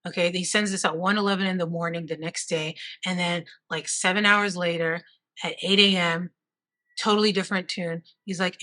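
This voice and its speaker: A woman's voice: fairly low pitch, fairly even intonation, moderate pace, sharp tone. A woman telling a true crime story in a casual, chatty way, reading text messages aloud and adding her own asides. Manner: conversational, reads out texts with asides.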